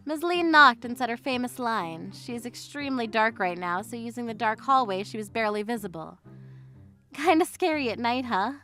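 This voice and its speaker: Lively high-voiced woman narrating a story. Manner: expressive, shifts between narrating and acted scenes. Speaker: narrator and main character.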